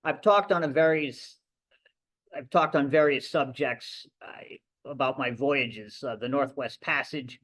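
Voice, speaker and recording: Middle-aged man, captain giving a library talk, storytelling, mid-pitched voice. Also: unhurried, fairly bright tone. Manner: conversational storytelling with restarts. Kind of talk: anecdotal lecture. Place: library event room.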